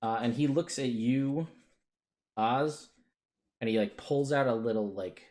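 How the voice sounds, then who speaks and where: A man's voice: mid-range voice, unhurried, a little mellow. A man narrating as game master in a tabletop game, hesitant and casual.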